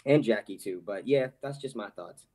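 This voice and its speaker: A man's voice: fairly low pitch, normal speed, mellow. A man calling in to a live show, giving frank and rambling opinions. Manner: frank, rambling, some restarts. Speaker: caller. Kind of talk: casual call-in opinion.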